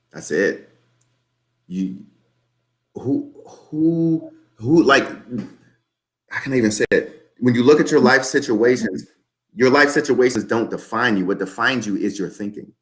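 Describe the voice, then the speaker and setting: A man's voice: lowish voice, expressive, a little slow, long pauses. A man in his twenties, a podcast guest, talking emphatically and repeating his points like a motivational speaker. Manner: emphatic, repetitive motivational talk. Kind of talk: podcast interview.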